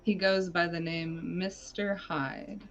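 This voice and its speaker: A player slowly describing their character in a tabletop game. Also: mid-range voice, flat delivery, a bit bright, slight background noise, poor audio. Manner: slow, deliberate description.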